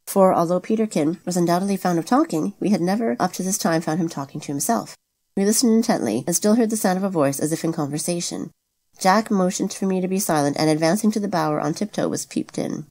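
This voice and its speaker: Fast-reading low-voiced woman narrator. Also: mellow. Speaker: audiobook reader. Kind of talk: scripted narration of a novel.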